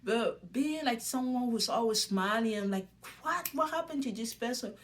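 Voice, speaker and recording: A woman's voice: a little high, animated, normal speed. A young woman casually recapping a reality show, chatty, laughing often and acting out what people said. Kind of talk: casual commentary.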